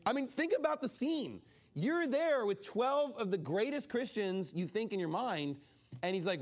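High, lively male Bible teacher. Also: unhurried. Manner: animated, acts out quoted speakers; casual, many "like" fillers. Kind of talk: informal Bible study sermon.

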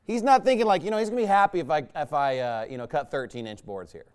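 A man delivers a sermon as if chatting with friends, rambling from point to point and often checking in with his listeners. His voice sits a little high for a man and comes across smooth and clean. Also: quick pace, darkish tone. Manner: conversational, rambling, asks listeners "right?". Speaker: preacher.

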